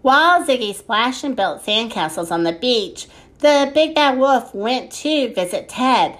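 Unhurried woman reading a children's story. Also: fairly high pitch, lively intonation, fairly bright tone. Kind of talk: children's story read aloud.

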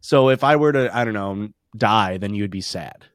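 A man's voice: fairly low pitch, normal speed, no echo, studio quality. A man co-hosting a podcast, rambling through profane jokes and laughing at his own bits. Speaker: podcast co-host. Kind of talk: casual comedic chat.

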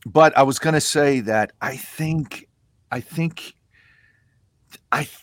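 A man co-hosting a casual talk, speaking hesitantly with many pauses and restarts. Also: on the high side, a bit bright, no room sound, studio quality. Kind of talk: casual chat.

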